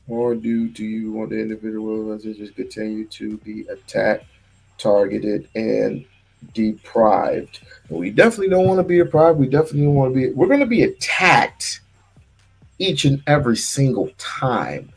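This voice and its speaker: A man's voice: mid-range voice, animated, moderate pace, creaky, a little mellow, slightly rough. A man hosting a casual livestream, talking in bursts with stammered restarts and repeated words. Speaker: livestream host.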